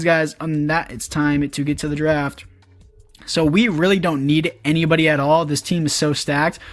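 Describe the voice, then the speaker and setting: A man's voice: a little high, a bit bright, dry recording. Upbeat young man commentating a game. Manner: chatty, upbeat, addresses viewers as boys. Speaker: gaming YouTuber. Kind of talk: casual video game commentary.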